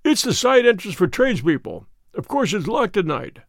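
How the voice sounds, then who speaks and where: A man voices a brisk, helpful young man in a classic detective tale. His lines come a little higher and lively. The sound is close and dry. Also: vocal fry, no room sound, heavily acted.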